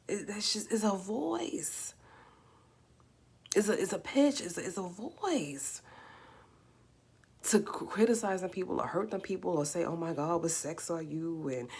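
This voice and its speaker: A woman with a New York accent and a slightly raspy voice, hosting a live stream and talking emphatically, firing off rhetorical questions. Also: medium pitch, a little mellow. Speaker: livestream host. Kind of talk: casual live commentary.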